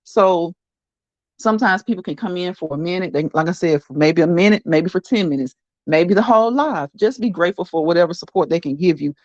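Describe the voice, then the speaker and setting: A woman's voice: lowish voice, animated, fairly quick, darkish tone, dry recording. A woman hosting a casual livestream, chatting to her viewers, laughing often and repeating herself. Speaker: livestream host. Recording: dull, dry lo-fi sound.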